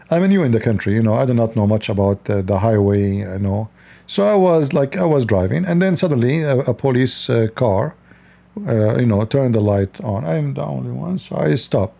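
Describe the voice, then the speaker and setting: A man from the Middle East hosts a livestream, giving blunt, lecturing advice in a casual way and laughing often. His mid-range voice is mellow, with some vocal fry.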